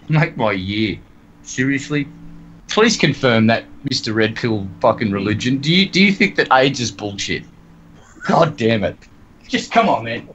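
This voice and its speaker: A man's voice: mid-range voice, fairly bright tone, a little hiss or hum. A man in casual group call banter, swearing a lot, mocking and laughing. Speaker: call participant. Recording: dull lo-fi online call audio.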